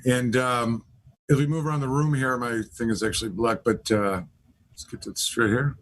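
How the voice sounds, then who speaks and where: A middle-aged man hosts a live talk show in a casual, rambling way. He leans on fillers and restarts as he introduces each guest. His voice sits at an ordinary middle pitch. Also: steady tone, normal speed. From Michigan. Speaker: host, attorney.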